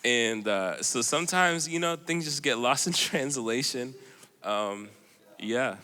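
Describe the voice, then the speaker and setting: A man's voice: medium pitch, slow, sharp tone, clear, resonant tone. Rambling man telling a story in a hall. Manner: rambling, filler-heavy, laughs while telling. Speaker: panelist sharing a missions story. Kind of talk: casual storytelling on a panel. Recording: echoey hall with long reverb.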